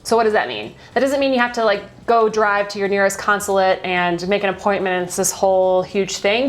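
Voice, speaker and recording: A young American woman giving a casual travel guide as a vlogger, chatty and upbeat, laughing between points. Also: mid-range voice. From United States.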